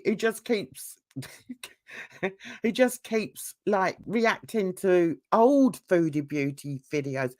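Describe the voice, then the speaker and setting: A woman hosting casual reaction commentary, chatty and gossipy, laughing often. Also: mid-range voice. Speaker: commentary channel host.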